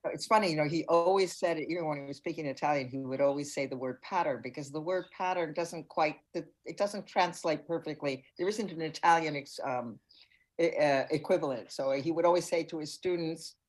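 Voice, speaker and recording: A woman's voice: low voice, brisk, poor audio. An older woman, a foreign correspondent, giving reflective interview answers and searching for her words.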